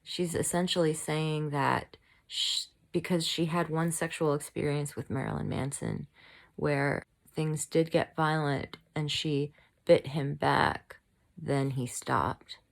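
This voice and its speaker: A woman's voice: deep voice, slow pace, creaky. A woman vlogger delivering a heated, angry commentary, shaking and fired up as she rants. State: shaking with anger. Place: home room, bad lighting.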